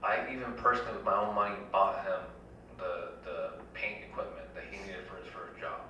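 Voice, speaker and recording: A man's voice: low voice, brisk, bright, forceful tone, slight background noise. A man giving an earnest, rallying town hall campaign speech, stacking repeated phrases, in a community center hall. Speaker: congressional candidate. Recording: echoey hall, dull lo-fi, from far off.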